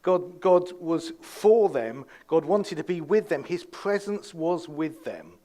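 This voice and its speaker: A man preaching a sermon in a relaxed, conversational way. His voice sits somewhat high for a man. He stops and restarts often, with plenty of fillers. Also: slow pace. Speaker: pastor.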